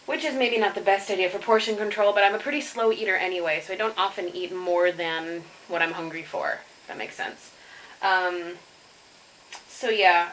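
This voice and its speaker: A woman's voice: on the low side, a bit bright, slight background noise, poor audio. A woman chatting casually in a diary vlog, rambling with filler words and poking fun at herself, first outdoors and then at home. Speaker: vlogger.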